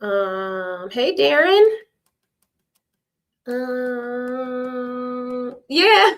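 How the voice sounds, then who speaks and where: A young adult woman from a reality show rambles frankly through an unscripted livestream, swearing casually. Her voice is fairly high-pitched and a bit bright.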